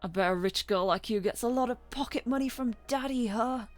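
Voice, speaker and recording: A woman's voice: fairly high pitch, fairly quick, faint music behind, close to an everyday voice. A woman playing taunting punk pigeons. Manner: mocking, taunting. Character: sneering street-punk pigeons. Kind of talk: dramatic reading of a visual novel.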